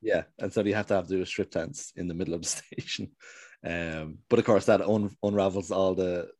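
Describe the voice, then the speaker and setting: A man's voice: sits low, steady tone, a little fast, a little mellow, dry recording. A man casually recapping a TV show's plot, rambling and hesitant as he tells it. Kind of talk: casual chat recapping a TV show.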